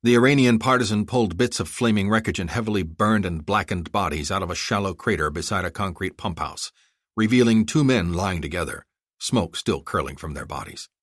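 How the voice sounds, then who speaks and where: A man narrating a thriller audiobook in a dramatic, measured way. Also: low-pitched, no room sound, clean studio sound. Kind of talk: scripted narration.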